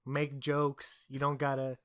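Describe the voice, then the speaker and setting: A man's voice: mid-range voice, completely flat delivery, slow, a bit bright, no echo, clean studio sound. A young man co-hosting a casual podcast, teasing his friend and telling profane stories with frequent laughs. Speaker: podcast co-host.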